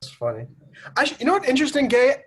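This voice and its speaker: A man from the United States hosting a casual group video call, talking in a lively, rambling coaching way. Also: extremely high pitch, very fast, breathy edge.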